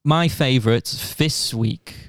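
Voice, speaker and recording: A man's voice: medium pitch, slow pace, no echo, studio quality. A young man in his twenties co-hosting a podcast, telling self-deprecating stories with frequent laughs. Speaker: podcast co-host. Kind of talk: casual chat.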